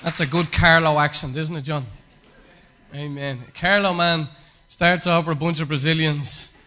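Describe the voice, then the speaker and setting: A man's voice: on the high side, steady tone, normal speed, bright, forceful tone. A man, a pastor, preaching a sermon with emphatic repetition and frequent fillers.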